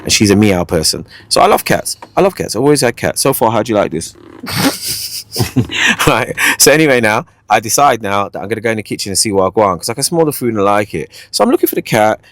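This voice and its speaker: A man with a lowish voice tells a story fast on a casual podcast, his pitch swinging widely as he gets into it. His playful, animated delivery keeps circling back to pet catchphrases. The sound is close and dry. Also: no room sound. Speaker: podcast host.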